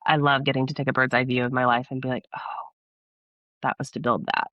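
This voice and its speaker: A young woman from Texas appears as a podcast guest, earnestly telling a personal story in a casual interview while animated and laughing often. Her voice is described as bass and brisk, and the recording is muffled with no echo.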